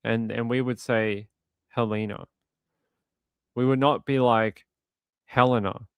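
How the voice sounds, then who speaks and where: A man with an Australian accent hosting a livestream and reading viewer comments in a relaxed way. He repeats himself often and chuckles between thoughts. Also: medium pitch, moderate pace, clean tone, no echo. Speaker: livestream host. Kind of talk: casual live chat reading viewer comments.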